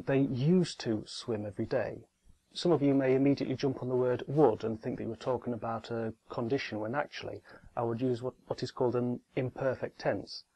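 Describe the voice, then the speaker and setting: Man calmly explaining verb conjugation. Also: mid-range voice, poor audio. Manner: measured, explanatory, spelling out word forms. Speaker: language tutor. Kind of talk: scripted tutorial narration.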